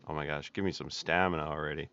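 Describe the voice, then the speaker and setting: Speaking fast in a rumbling low voice, pushed and bright yet fairly even in intonation, this man streams a survival game. He chats easily with viewers as he plays, over a dull lo-fi mic carrying faint noise.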